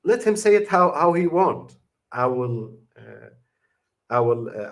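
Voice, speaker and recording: A man's voice: on the high side, very animated, measured pace, a bit bright. Emphatic English-speaking man. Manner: non-native English with many fillers and restarts, emphatic. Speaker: channel host reacting to a video. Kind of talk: casual livestream commentary.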